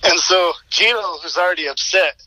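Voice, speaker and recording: A man in casual conversation, spinning a story with lively energy. His voice is bright and sharp, somewhat higher, recorded close and dry. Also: fairly quick, dry recording, rough recording. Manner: animated storyteller, acts out quotes. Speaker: guest, pastor and former fighter.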